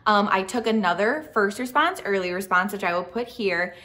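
A young adult woman vlogging in a chatty, excited way, with frequent fillers and restarts. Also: mid-range voice, moderate pace. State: speaking softly near a sleeping baby. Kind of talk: casual storytelling vlog.

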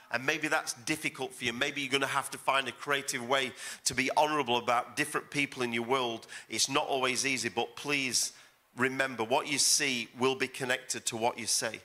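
A man's voice: medium pitch, sharp tone. A middle-aged man preaching as a guest pastor at a church service, emphatic and repeating phrases for effect. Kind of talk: sermon.

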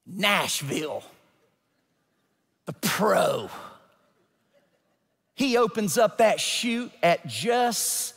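Guy pastor telling a story from the pulpit, high voice, animated, long echo in a big church. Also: drawn-out words, vocal fry, pauses often, breathy edge. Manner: animated, builds to emphatic peaks. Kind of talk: sermon storytelling. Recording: long church hall reverb.

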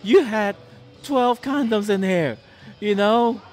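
A woman's voice: takes it slowly, darkish tone, faint music behind, lightly acted. A man putting on the voice of his distraught, jealous girlfriend, who accuses him through tears. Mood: furious. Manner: tearful, shrill accusations.

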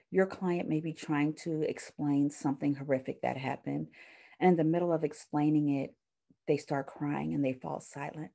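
Low-pitched, gravelly, and dark-toned, a counseling professor talks through a recorded university lecture. She teaches in a conversational way, frequently correcting herself and using fillers, and holds up items for the camera.

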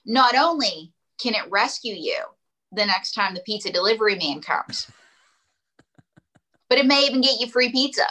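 A woman's voice: a little high, normal speed, pauses often, rough recording. A woman comedian and ventriloquist, telling jokey stories and plugging her product on a talk show. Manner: animated, self-promoting, jokey storytelling. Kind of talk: casual talk show chat.

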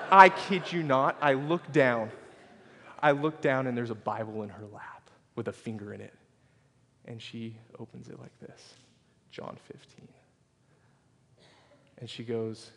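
A male pastor preaching a sermon, telling a personal story that swings between loud, excited passages and hushed, soft ones. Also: mid-range voice, slow, gravelly. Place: church sanctuary. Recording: long reverb of a church hall.

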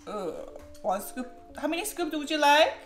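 A woman's voice: sits high, big pitch swings, moderate pace. Chatty woman hosting a cooking vlog. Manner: chatty, playful, talks straight to the audience. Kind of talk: casual cooking chat to viewers. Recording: echoey room with background music.

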